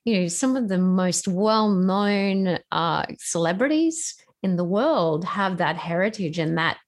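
A woman hosting a conversational interview, reflective and encouraging, with soft affirming murmurs. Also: lowish voice, lively intonation, unhurried. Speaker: podcast host.

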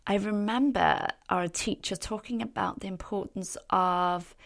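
A middle-aged woman hosting a solo podcast as a leadership coach, talking earnestly and passionately, with soft laughs and breathy asides. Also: medium pitch, steady tone, a little slow. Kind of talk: reflective solo podcast talk.

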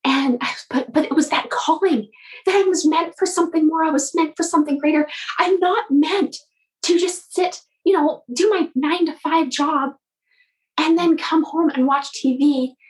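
A woman coach telling a motivational story in an animated way, often repeating her words. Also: sits high, normal speed, rough recording.

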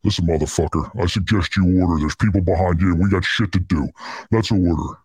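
A man playing a hot-tempered male drive-thru worker who answers gruffly and swears at a customer. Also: sits low, a little fast, a little mellow, no echo. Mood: hostile.

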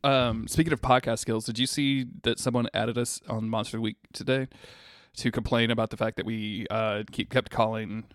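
A man's voice: fairly low pitch, fairly even intonation, moderate pace, no echo, studio quality. A man from North Louisiana co-hosting a podcast in casual chat. He laughs often, swears freely, and tells stories animatedly. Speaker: podcast co-host.

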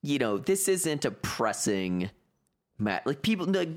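A man's voice: medium pitch, very animated, measured pace. A man with a Western New York accent, telling a story in casual podcast chat, full of filler words.

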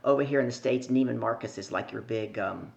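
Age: middle-aged. Sex: woman. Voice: gravelly, animated storyteller. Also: very deep voice, brisk. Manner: animated storyteller who acts out voices and asks the listener questions. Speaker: guest, sales coach. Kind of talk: storytelling in a podcast interview.

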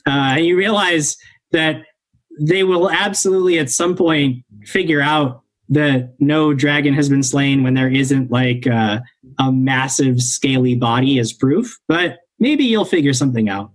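A man's voice: mid-range voice, a little slow, low-quality recording. A man narrating as game master of a tabletop role-playing game, easygoing, with fillers and laughs. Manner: relaxed storytelling with fillers and laughs.

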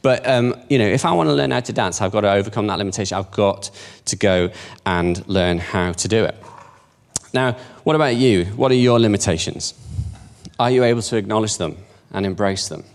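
A man in his fifties speaks in a church with a fairly low, creaky voice, going a little fast. His talk is informal and conversational, self-deprecating, and he puts questions to the audience.

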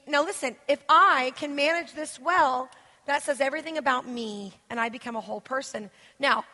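Bright high-voiced woman preaching. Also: big-room sound. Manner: animated, acts out quoted voices. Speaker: guest speaker. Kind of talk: interactive church teaching.

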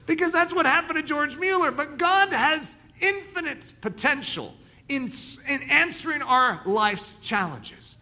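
A man with a high-sitting voice preaches a sermon, animatedly telling stories and acting out the voices of the people in them.

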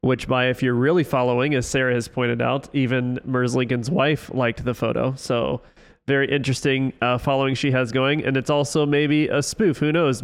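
A man's voice: mid-range voice, clean tone. A man hosting a casual sports panel game show, teasing his panelists in a playful way.

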